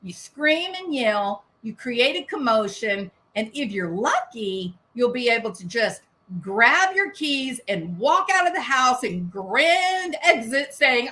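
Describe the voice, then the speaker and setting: A woman's voice: a little high, sing-song, slow pace, sharp tone. A woman giving sarcastic, indignant commentary on a press conference, firing off rhetorical questions.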